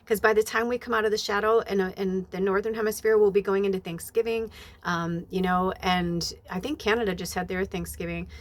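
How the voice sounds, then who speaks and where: A woman giving a casual spiritual reading who rambles with many fillers and bursts into high acted-out quotes. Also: fairly even intonation, brisk.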